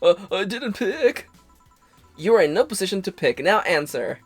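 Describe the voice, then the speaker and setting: A let's-play host reads a game's dialogue aloud with a lively, swooping delivery, jumping between character voices. The sound is dry and close, with faint music underneath. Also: medium pitch, normal speed, breathy edge, dry recording.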